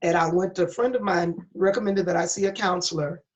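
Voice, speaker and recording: Fast and fairly even in intonation, a middle-aged woman with a lowish voice tells her personal story as a pastor being interviewed. Her delivery is candid and earnest, with a preacher's emphasis, on a dull lo-fi recording.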